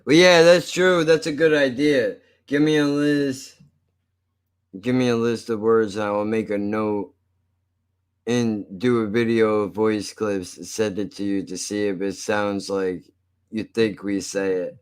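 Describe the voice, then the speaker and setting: A man's voice: lowish voice, steady tone, a little slow, smooth. A man from South Jersey with a South Jersey accent, chatting loosely and with swearing on a live stream. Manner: loose and profane, talks to chat. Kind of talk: casual live-stream chat.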